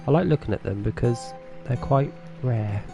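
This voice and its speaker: A man's voice: mid-range voice, normal speed, creaky, music in the background. A man with a Norfolk English accent chatting casually with viewers while streaming a farming game, chatty and self-deprecating, laughing often. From England.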